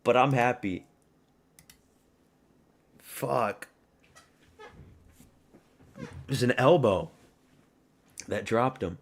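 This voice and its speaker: A man hosting a fight watch-party stream, giving excitable, profane live reactions and yelling at the screen. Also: mid-range voice, very slow, pauses often.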